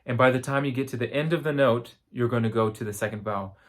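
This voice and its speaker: A man's voice: medium pitch, fast. A man with a tired voice giving a recorded singing lesson, explaining step by step and singing short demo words. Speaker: voice teacher.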